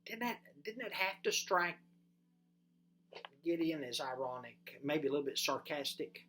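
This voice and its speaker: Brief: pastor delivering a sermon, animated emphasis that drops to soft, low asides, addresses listeners with questions. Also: a little slow, pauses often. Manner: lively, swings from loud emphasis to soft and low.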